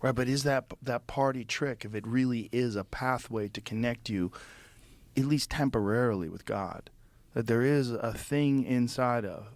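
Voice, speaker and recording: A man's voice: medium pitch, moderate pace, no room sound. A man in casual conversation, reflecting aloud and asking big questions. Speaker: comedy club owner. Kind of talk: casual chat.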